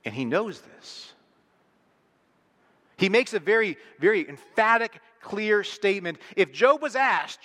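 Man, middle-aged pastor, bright forceful voice, emphatic sermon delivery, echoey church hall. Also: sits high, expressive, unhurried. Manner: earnest, emphatic, leans hard on single words.

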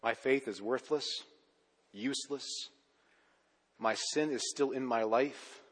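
A man preaching a sermon as pastor, pressing hard on key words and then dropping low and quiet at the ends of his points. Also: slow pace, big-room sound. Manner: emphatic, swinging between loud urgent stresses and low quiet endings.

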